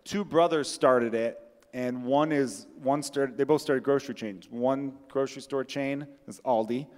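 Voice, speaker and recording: A man's voice: medium pitch, a little slow, a little mellow. A man hosting a comedy podcast in casual chat, joking wryly and swearing freely about himself. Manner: wry, profane, self-mocking jokes. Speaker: podcast host. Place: room with friends present. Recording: long hall reverb.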